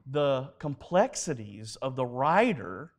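A man preaching a sermon at a live church service, telling stories in an animated way and acting out the dialogue. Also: mid-range voice, slow pace. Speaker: pastor.

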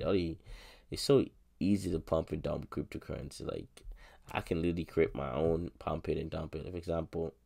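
A man with a deep, gravelly voice talks through a crypto token in loose solo commentary. He rambles, repeats phrases and drops slang as he works through the numbers. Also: warm tone. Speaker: crypto reviewer.

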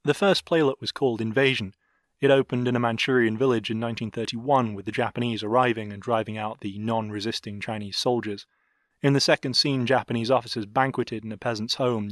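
A man reading an audiobook in a measured, even way. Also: medium pitch, no echo, clean studio sound. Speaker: audiobook narrator. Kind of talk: audiobook narration.

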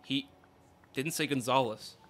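A woman hosting a casual let's play, chatty and expressive as she reacts to the game. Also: a bass voice, measured pace. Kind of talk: casual gameplay commentary.

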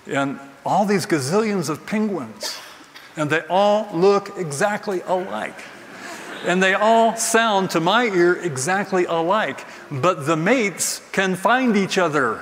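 A man's voice: high voice, a bit bright. A man preaching a sermon in a church, earnest and emphatic, repeating his key phrases. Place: church sanctuary. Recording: distant mic in a reverberant hall with faint noise.

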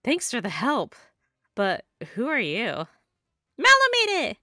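A woman's voice: on the high side, huge pitch swings, slow pace, sharp tone, no room sound, studio quality, heavily acted. A woman voicing an anxious, chatty young cloud boy from a game. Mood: worried. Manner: worried and urgent. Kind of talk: reading game dialogue aloud.

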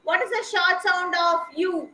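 A woman teaches a kindergarten class over a video call, high-pitched and crisp. She is patient and repeats each sound carefully for small children. The recording has a noticeable roomy echo. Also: fairly even intonation, a little slow, pushed and bright, slight background noise.

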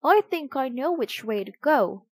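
A woman voicing a cheerful, adventurous young boy in a storybook, excited and a bit louder. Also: sits high, measured pace, dry recording.

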